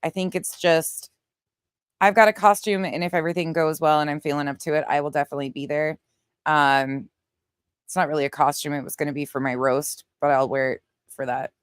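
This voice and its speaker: A woman's voice: low voice, little pitch movement, brisk, smooth, no echo, clean studio sound. A middle-aged woman with a Southern US accent, chatting casually on a livestream and reading out viewer comments, laughing often and swearing now and then. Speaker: livestream host.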